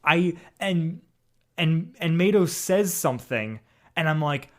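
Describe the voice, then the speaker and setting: A man co-hosting a podcast, chatting casually about an audio drama in an animated, rambling way full of restarts. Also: a little high, slow. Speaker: podcast co-host.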